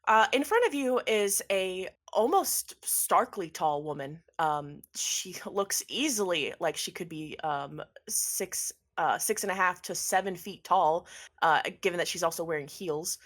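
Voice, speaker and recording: A woman's voice: lowish voice, lively intonation, unhurried. A woman narrating a tabletop game as game master, casual and hesitant with many fillers.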